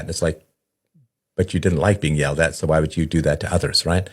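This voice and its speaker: A man's voice: very deep voice, steady tone, fast, breathy edge. A man hosting a talk show, explaining in a conversational way, often asking "right?" and acting out the voices of the people he quotes. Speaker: podcast host. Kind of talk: explanatory monologue.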